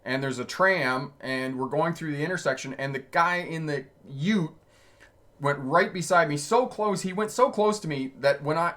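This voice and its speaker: Speaking at a moderate pace in a somewhat high, slightly bright voice, a man runs a driving channel and swaps road stories with livestream viewers, responding to their comments. He's a driving instructor, chatty and quick to laugh in the middle of sentences.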